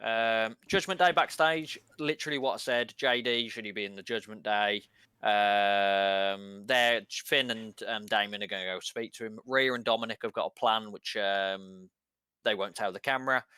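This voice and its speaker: A man talking through a casual recap on a podcast, stacking one event onto the next and filling gaps with ums. His voice is smooth and clean. The sound is close and dry, with no room around it. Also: lowish voice, steady tone, normal speed, sharp tone, dry recording. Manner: rambling, filler-heavy play-by-play retelling. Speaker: podcast co-host.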